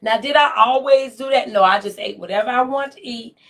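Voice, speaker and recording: Older woman, high bright voice, faith-based motivational talk to camera, emotional and exclamatory. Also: a little fast. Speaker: inspirational speaker.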